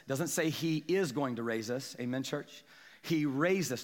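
A man preaching a sermon as pastor, animated, moving between loud emphatic peaks and quiet low asides. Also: in a large hall.

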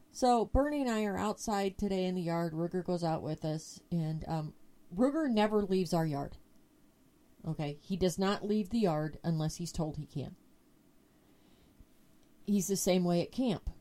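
Profane, chatty woman podcast host. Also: lowish voice. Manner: profane, animated storyteller. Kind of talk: casual storytelling chat.

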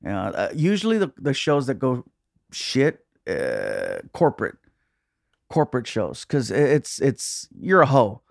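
A man's voice: medium pitch, wildly swooping pitch, a little slow, creaky, a little mellow, no room sound, clean studio sound. A man, a stand-up comedian, chatting casually as a podcast guest and telling laid-back road stories with easy laughs.

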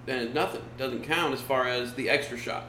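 A man's voice: medium pitch, brisk, bright, forceful tone, roomy sound, a little hiss or hum, low-quality recording. A man in casual banter as a podcast co-host, joking and eager, often repeating himself. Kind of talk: casual chat.

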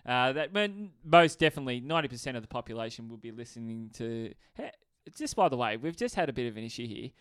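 A man's voice: medium pitch, expressive, fast talker, hardly any pauses, fairly bright tone, clean tone, no echo, studio quality. A young man co-hosting a podcast, talking casually, swearing, laughing and telling stories, with "mate" in every other sentence. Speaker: podcast co-host. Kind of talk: casual chat.

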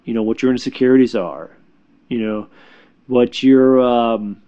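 Halting man giving spiritual advice. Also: medium pitch, steady tone, smooth, dull audio. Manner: halting, repeats words, many fillers; reassuring, repeats "okay?". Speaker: spiritual healer. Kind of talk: casual spiritual advice talk.

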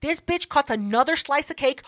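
Give me a woman podcast host with a fairly high voice, swearing her way through an animated story. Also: moderate pace, no room sound. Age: 30s. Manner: profane, animated, acts out other people's lines. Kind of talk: casual storytelling chat.

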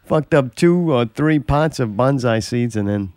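Joking man with a lively voice. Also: medium pitch, measured pace, slight background noise. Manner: joking, teasing interjections. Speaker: podcast co-host. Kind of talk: casual banter.

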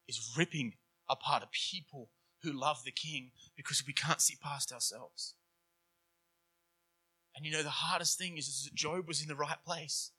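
A man's voice: on the high side, sharp tone, slightly rough. A man preaching a sermon in an earnest, conversational way, slipping into acted inner voices to make his points. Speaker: pastor.

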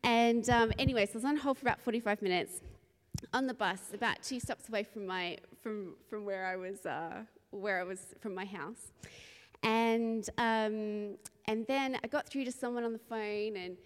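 A woman from Australia, a preacher, opening a sermon with a lively, rambling personal story and frequent laughter. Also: mid-range voice, normal speed. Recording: long reverb in a large hall.

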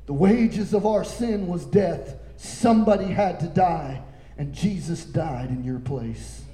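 High-voiced man preaching, roomy echo. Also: takes it slowly. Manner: impassioned, building to shouting. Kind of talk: sermon.

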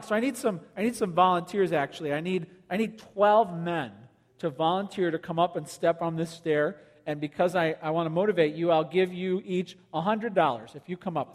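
Male pastor, high voice, animated storyteller, preaching in a big reverberant church. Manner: animated storytelling, jokes with the congregation. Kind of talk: sermon. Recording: long hall reverb.

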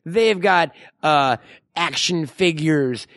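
A man's voice: on the high side, expressive, slow pace, gravelly, fairly bright tone. A man co-hosting a comedy podcast, teasing his co-host with crude jokes and reading an ad. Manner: profane, teasing, jokey. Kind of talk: crude comedic banter and ad read. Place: live show venue in front of audience.

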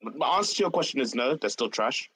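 A man joins a football chat as a panelist, laid-back and a little halting. His pitch sits mid-range but swings up and down in a lively way. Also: breathy edge. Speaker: podcast panelist. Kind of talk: casual football banter.

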